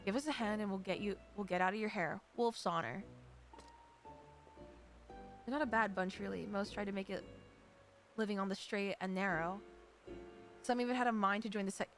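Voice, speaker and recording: A woman's voice: medium pitch, moderate pace, long pauses, soft background music, pitched below the performer's own voice, lightly acted. Woman putting on a roguish charmer, put-on British accent, jaunty slang, game dialogue. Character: roguish smooth-talking male rogue, cocky charmer. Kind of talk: voicing game dialogue on stream.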